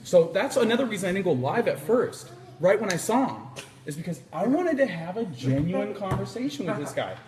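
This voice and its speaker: Man, live-stream interviewer, fairly high voice, lively swinging pitch, animated storyteller. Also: brisk, a crowd in the background. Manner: animated storyteller, acts out quotes. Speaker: interviewer livestreaming. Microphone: handheld camera.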